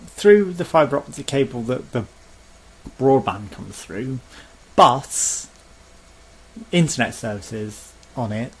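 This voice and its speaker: A man vents in a loose, rambling rant, swearing freely as he goes. His voice sits at a middling pitch, and a faint hiss of noise runs under the recording. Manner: swears freely, rambling, mimics sales staff in high squeaky voices. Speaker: vlogger. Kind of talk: casual rant to camera.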